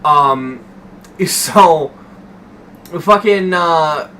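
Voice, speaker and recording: Bright-voiced young man swearing through a story. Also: on the high side, very slow, a little hiss or hum. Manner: swears freely, animated and rambling. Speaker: streamer. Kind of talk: casual storytelling to stream chat.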